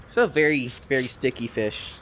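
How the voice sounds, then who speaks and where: A man giving let's-play commentary, rambling and excitable, swearing often and talking to himself as he plays. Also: mid-range voice, moderate pace, slight background noise. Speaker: gamer playing a cooking game.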